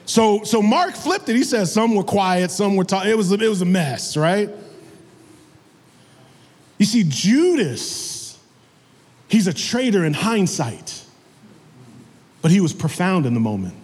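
A man preaching a sermon as pastor, animated and calling out to the congregation for amens. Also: sits high, a little slow, pauses often, big-room sound. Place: church sanctuary.

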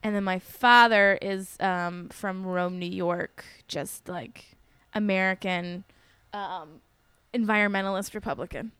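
A woman's voice: medium pitch, a little slow, a bit bright, clear, resonant tone, no room sound. A young woman comedian chatting casually on a podcast, rambling with lots of fillers and giggles. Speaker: comedian guest.

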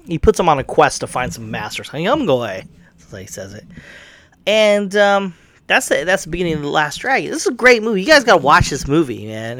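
A man's voice: mid-range voice, a bit bright. A man casually retelling a kung fu movie plot, rambling and swearing, acting out the characters' lines. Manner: rambling, profane, acts out quotes.

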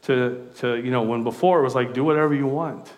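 A middle-aged man from California preaching a sermon as a pastor, conversational and animated, telling stories from his own life. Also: mid-range voice, fairly quick.

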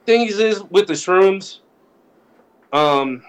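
A man's voice: high-pitched, slow pace, clear, resonant tone, dull audio. A man co-hosting a podcast, telling casual stories, stammering and restarting, acting out what friends said. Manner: animated, laughing, acts out quoted friends. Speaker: podcast co-host. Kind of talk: casual storytelling chat.

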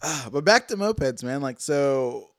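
A man's voice: mid-range voice, expressive, measured pace, no room sound, studio quality. A man hosting a casual chat, laid-back and slangy.

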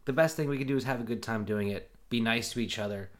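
A man in casual conversation who tells animated stories and swears constantly, talking about his restaurant work. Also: mid-range voice, quick pace. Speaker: restaurant server. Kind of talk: casual chat.

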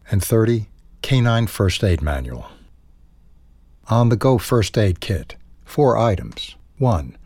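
Male reader for an audio newsletter, lower voice, slightly husky, dry close sound, steady and measured. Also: dry recording. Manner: measured, unhurried reading. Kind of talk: reading a newsletter aloud.

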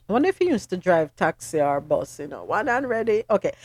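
A woman's voice: deep voice, sing-song, fast, hardly any pauses, a little mellow, no echo. A woman hosting a news recap show, reading headlines and then commenting in a chatty way. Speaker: host.

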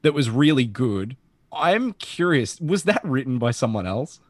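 A man's voice: medium pitch, sing-song, measured pace. A man co-hosting a comic book podcast in casual chat, swearing and laughing often. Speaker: podcast co-host.

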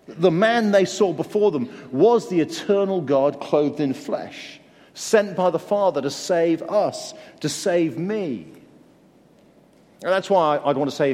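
A man's voice: on the high side, a little mellow. An English man preaching a sermon, earnest and conversational, with self-deprecating humor. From England. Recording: long hall reverb.

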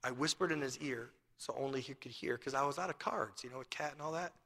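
A man's voice: mid-range voice, fast talker, pushed and bright, in a large hall. A male pastor preaching a sermon, asking rhetorical questions and telling a family story.

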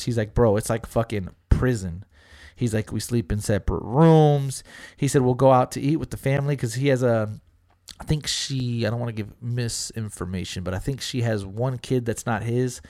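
In a relaxed, profane telling, this middle-aged man swears easily, piles on fillers, and repeats what friends and family said. His medium-pitched voice has a slightly mellow quality, recorded at studio quality with no room sound.

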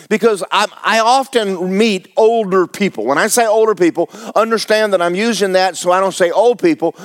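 A man, preaching a folksy, joking, emphatic sermon as pastor. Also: sits high. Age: 70s.

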